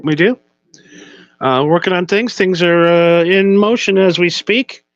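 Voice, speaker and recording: Crude, laughing man with a higher voice. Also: unhurried, dry recording. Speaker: podcast co-host. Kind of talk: casual chat. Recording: dull, dry recording.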